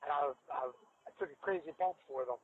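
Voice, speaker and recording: High-voiced man on a tinny line. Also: a little fast. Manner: rambling, animated anecdotes with fillers. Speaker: guest, former pro wrestler. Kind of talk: casual storytelling interview. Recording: phone-like lo-fi line with faint noise.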